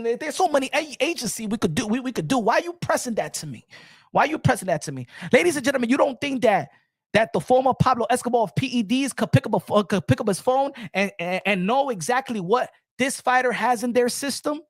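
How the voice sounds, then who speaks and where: A man's voice: extremely high pitch, animated, brisk, no room sound. Emphatic boxing commentator man, dry sound. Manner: emphatic, repetitive, asks the chat and answers himself. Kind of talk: animated solo commentary to viewers.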